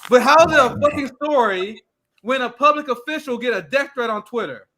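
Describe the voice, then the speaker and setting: Man, young, podcast host, profane rant, high voice, bright tone. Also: brisk, a little hiss or hum. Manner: profane, ranting, mocking impressions. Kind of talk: casual chat.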